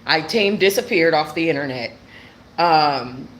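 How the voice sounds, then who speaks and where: Deep-voiced woman on her channel, chatting with viewers, slangy, lots of ums, almost crying. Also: animated, a little slow, a bit bright, slight background noise. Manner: emotional storytelling with slang and frequent fillers. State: close to tears. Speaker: host of a talk channel. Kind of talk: casual livestream chat with viewers.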